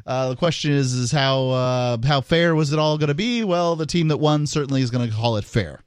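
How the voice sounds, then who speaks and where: A man's voice: mid-range voice, a little fast, clean tone, no echo, clean studio sound. A man hosting a call-in talk radio show, chatting casually and wryly and laughing easily.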